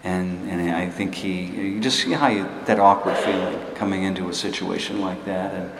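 Deep-voiced man preaching in an echoey hall. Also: fairly even intonation. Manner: conversational, halting, self-deprecating storyteller. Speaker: pastor. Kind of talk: sermon with personal story. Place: church hall before a laughing congregation. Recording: echoey hall, distant room noise.

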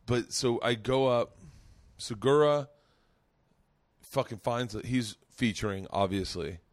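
A man hosting a casual comedy podcast, telling stories loudly and swearing, often breaking into laughter. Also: medium pitch, takes it slowly, no room sound. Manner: loud, laughing, animated storyteller who swears a lot. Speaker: podcast host.

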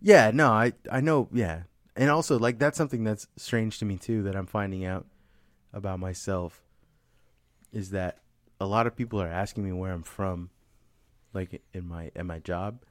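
A man's voice: lowish voice, normal speed, dry recording, clean studio sound. A young man from the Bay Area, rambling in casual comedic chat, swearing a lot and saying "you know what I'm saying". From San Francisco Bay Area.

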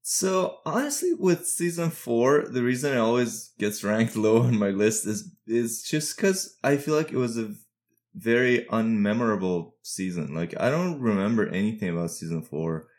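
A man co-hosts a casual podcast chat in a soft-spoken, hesitant way. He trails off often and laughs at himself. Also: mid-range voice, animated, moderate pace. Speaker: podcast co-host.

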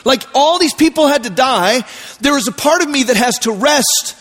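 Male pastor, sermon, high voice, chatty storytelling, long church reverb. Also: moderate pace. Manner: conversational storytelling with lively voiced asides.

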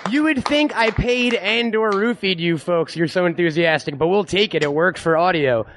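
A man's voice: high-pitched, moderate pace, a bit bright. Wry man hosting a live podcast. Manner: wry, teasing the audience. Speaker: podcast host. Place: comic shop in front of a live audience.

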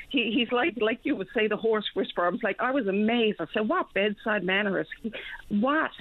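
Woman caller, earnest and rambling, gravelly voice, tinny dry phone line. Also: mid-range voice, dry recording. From Newfoundland. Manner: earnest, rambling storyteller with many restarts. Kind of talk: call-in radio talk.

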